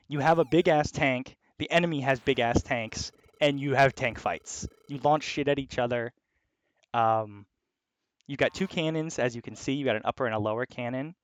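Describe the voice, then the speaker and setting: A man giving casual commentary as he plays a video game, excitable and swearing freely. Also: mid-range voice, moderate pace, dry recording. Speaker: let's play host.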